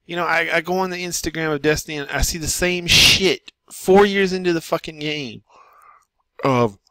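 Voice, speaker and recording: A man's voice: fairly high pitch, measured pace, a bit bright, no echo. A man giving an exasperated, repetitive ranting monologue as a gaming commentator.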